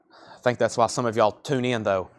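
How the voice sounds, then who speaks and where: A man with a Southern accent hosting a live record sale, listing titles and repeating prices in quick sales patter. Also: medium pitch, steady tone. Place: record shop surrounded by crates.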